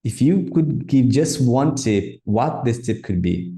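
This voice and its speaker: A man hosting a podcast interview, asking questions in a halting way and often repeating words. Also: mid-range voice, animated, mellow. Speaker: podcast host. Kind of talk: casual interview. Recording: echoey room.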